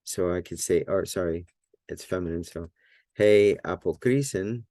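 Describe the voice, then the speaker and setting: A man's voice: deep voice, monotone, moderate pace, warm tone, no echo. A man teaching Greek at a whiteboard in a casual, thinking-aloud way, with many fillers and self-corrections.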